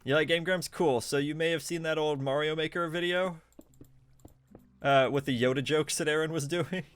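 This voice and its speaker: A man streaming a video game, chatting casually with viewers, laughing often and reacting excitedly. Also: on the high side, normal speed, smooth. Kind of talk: casual live gameplay commentary.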